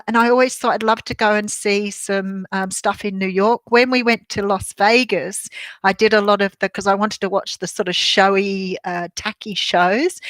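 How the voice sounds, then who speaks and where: A woman's voice: mid-range voice, a bit bright, no room sound, studio quality. An older Australian woman, a tarot reader, chatting casually on a live stream and answering viewer comments with a bubbly, laughing manner. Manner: chatty and bubbly, laughs often, many ums.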